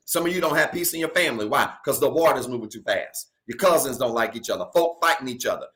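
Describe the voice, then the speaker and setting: Man, pastor, sermon, bright voice, call-and-response, hollering. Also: medium pitch, lively intonation, brisk. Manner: preaching with call-and-response questions, building to shouts. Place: church stage.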